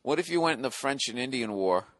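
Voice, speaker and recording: A man's voice: medium pitch, animated, quick pace, a bit bright, dry recording. A man hosting a podcast in casual chat, skeptical and teasing, and he swears freely. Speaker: podcast host.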